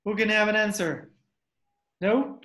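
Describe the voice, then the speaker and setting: A man's voice: high voice, a little slow, pushed and bright. Echoey-room male English teacher. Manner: repeats questions, drills pronunciation. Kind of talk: online class teaching. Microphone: video call.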